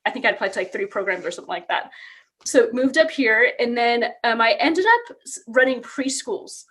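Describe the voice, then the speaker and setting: Woman, thirties, from California, fairly high voice, chatty guest, casual interview. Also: fairly bright tone. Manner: chatty, upbeat, lots of "like". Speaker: podcast guest, elementary PE teacher.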